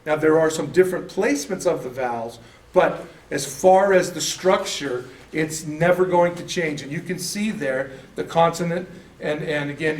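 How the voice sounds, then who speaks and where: Male Bible class teacher, casual and rambling, somewhat high voice, recorded far off in a roomy hall. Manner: rambling, repeats words, frequent "okay?" checks. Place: church classroom. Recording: echoey room, mic far off, faint room noise.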